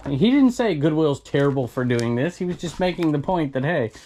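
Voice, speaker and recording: A man's voice: on the high side, lively intonation, fairly quick, warm tone. Opinionated man in a rambling vlog. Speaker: reseller vlogger. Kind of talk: casual talking-to-camera vlog.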